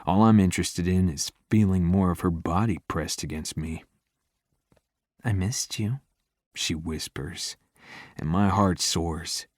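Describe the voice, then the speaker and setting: Male romance audiobook narrator, very low voice, intimate first-person read, dry booth. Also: a little mellow, no echo.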